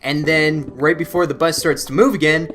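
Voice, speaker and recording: Playing a game on his channel, a young Canadian host casually tells a self-deprecating, meandering story thick with fillers and restarts. His voice is fairly high and a bit bright, with a steady tone and normal speed.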